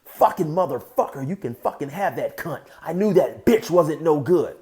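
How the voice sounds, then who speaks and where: A man voicing a furious, jealous male inmate who yells profane threats in a raised, loud voice. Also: a little high, lively intonation, moderate pace, pitched above the performer's own voice. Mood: raging. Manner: yelling, profane, menacing.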